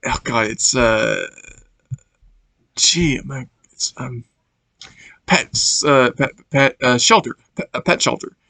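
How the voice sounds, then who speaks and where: A man's voice: medium pitch, slow pace, creaky, long pauses, pushed and bright, dry recording. A man casually reviewing a movie for his channel, rambling and searching for words as he laughs along.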